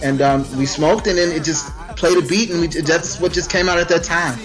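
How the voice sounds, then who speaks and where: A man being interviewed about his work, relaxed and rambling, with frequent ums and restarts. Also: fairly high pitch, moderate pace. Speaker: guest rapper. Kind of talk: casual interview chat. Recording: music faintly behind.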